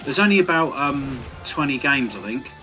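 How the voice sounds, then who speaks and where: A man's voice: medium pitch, animated, normal speed, music in the background. A man in casual chat, explaining retro console details hesitantly with frequent fillers. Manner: knowledgeable, hesitant with fillers, laughs often.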